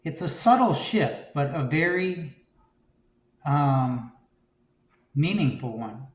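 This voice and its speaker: A man giving a conversational homily, relaxed and reflective, with frequent "you know" and "um". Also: fairly high pitch, slow, echoey room. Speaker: preacher.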